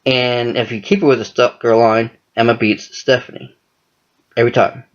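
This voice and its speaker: A man's voice: medium pitch, flat delivery, moderate pace. Man, casual rambling monologue, heavy cursing, dull lo-fi sound. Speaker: wrestling fan commentator. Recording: dull lo-fi recording.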